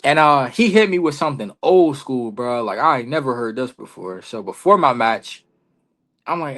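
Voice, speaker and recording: A young man tells a story at his usual middle pitch, animated and full of casual slang. He acts out each line of dialogue as he goes. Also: a little slow, pauses often. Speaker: podcast guest, professional wrestler.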